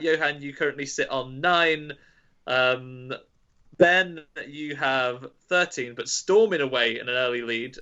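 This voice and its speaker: Bright-voiced man hosting a quiz. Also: a little high. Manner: explains rules at length, laughs often. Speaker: quiz master. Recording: dull lo-fi audio.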